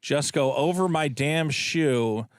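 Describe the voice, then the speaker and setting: A man co-hosting a podcast, reading out super chats with quick, crude, jokey banter. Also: fairly high pitch, no room sound, clean studio sound. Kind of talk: casual podcast chat.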